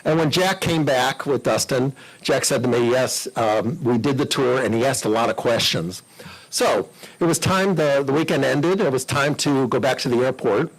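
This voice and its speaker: A man's voice: medium pitch, normal speed, poor audio. An older man giving a talk to a club, telling chatty anecdotes and acting out the voices of the people in them. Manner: chatty, animated, acts out quoted voices. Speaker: guest speaker at a club meeting.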